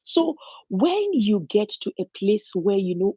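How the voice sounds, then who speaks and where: A woman speaks in an earnest, encouraging way, giving an inspirational talk and often restarting her sentences. Her voice is husky and a little breathy. The recording is dry and close, with a dull, muffled lo-fi sound. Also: medium pitch, very animated, unhurried, mellow, no room sound. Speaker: motivational speaker.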